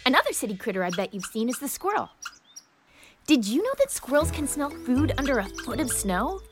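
Bubbly high-voiced woman hosting a kids' show. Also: a little fast, over music. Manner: bubbly, playful and expressive. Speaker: show host. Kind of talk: scripted kids' nature show narration.

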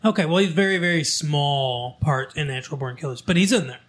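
A man's voice: a little high, fairly bright tone. Man casually reading a newspaper aloud. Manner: reads aloud with halting fillers and restarts. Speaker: local show host.

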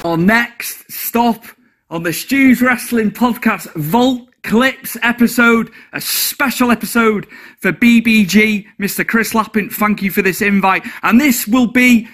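Bright-voiced enthusiastic podcast host. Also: male voice, high-pitched, a little slow. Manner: enthusiastic, effusive praise. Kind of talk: episode introduction.

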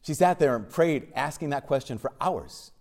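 A man, a Catholic priest, preaching a sermon with wry asides, swinging from urgent questioning to hushed emphasis. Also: on the high side, expressive, normal speed.

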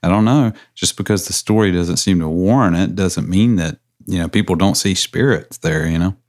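A man's voice: sits low, moderate pace, darkish tone. A man co-hosting a podcast, making laid-back, joking comments in casual chat. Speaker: podcast co-host.

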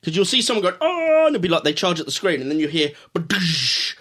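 A man's voice: a little high, animated, rapid-fire, fairly bright tone. A man co-hosting a podcast, explaining and critiquing an anime in a casual, opinionated chat. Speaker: podcast co-host.

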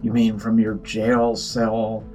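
A man voicing an arrogant young king who mocks, threatens and shouts. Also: fairly low pitch, a little slow, soft background music, natural voice. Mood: angry, mocking.

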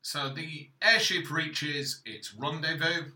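A man's voice: fairly high pitch, slow pace, sharp tone. A man co-hosting a podcast, casually recapping a story with dry, matter-of-fact asides. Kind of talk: casual chat. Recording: echoey room.

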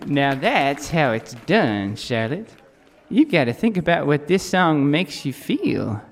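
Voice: medium pitch, very animated, slow pace, full character voice. An actor playing a showy theatrical pastor. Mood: showy polite. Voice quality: theatrical, showy, over-polite. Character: theatrical small-town male pastor, showy choir leader. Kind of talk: comedic audio drama acting.

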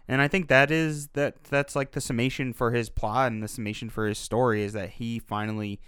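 A man casually discussing a film as a podcast co-host, relaxed and reflective. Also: medium pitch, a little fast, smooth, no room sound, clean studio sound. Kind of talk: casual film review chat.

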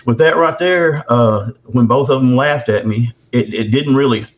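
A man, telling a long story as an interview guest in a folksy, rambling way. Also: medium pitch. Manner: drawn-out, folksy, frequent restarts. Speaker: interview guest recounting an encounter. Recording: dull lo-fi recording.

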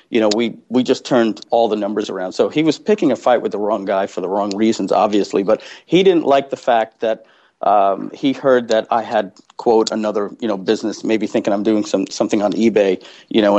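A man telling a personal story as a guest, animated and full of restarts, acting out the people he quotes. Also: fairly low pitch. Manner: animated, acts out quoted voices, many restarts. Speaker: guest entrepreneur. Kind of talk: casual storytelling. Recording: dull lo-fi sound.

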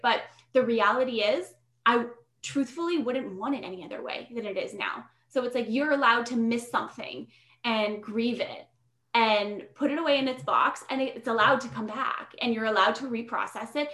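A woman's voice: on the high side, moderate pace, bright, forceful tone. A young woman talking as a guest in a casual podcast conversation, bubbly, upbeat and talkative. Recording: roomy echo.

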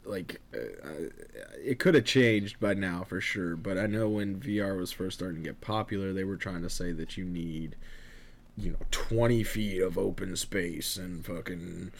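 A man's voice: sits low, moderate pace, gravelly. A man in casual podcast chat, laid-back and rambling, with swearing and many fillers.

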